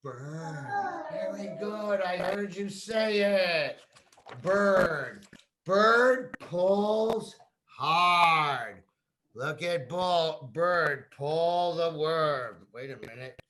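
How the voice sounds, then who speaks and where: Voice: medium pitch, extremely slow, a bit bright, slight background noise. A teacher reading a picture book aloud to young children, drawing out words, repeating them and prompting the children to say them back.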